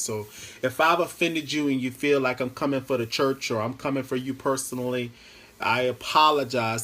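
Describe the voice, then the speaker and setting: In a casual live-stream monologue from home, a man speaks into his phone in a mid-range, slightly bright voice. The Facebook Live host wanders from topic to topic, mixing playful humor with heartfelt pleas.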